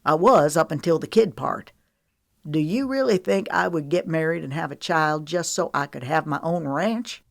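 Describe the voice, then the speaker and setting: A woman voicing a stubborn, gruff young male cowboy in an audiobook, speaking curtly and bluntly. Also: low voice, normal speed, no echo, studio quality. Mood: annoyed. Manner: curt and blunt. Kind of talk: audiobook character reading.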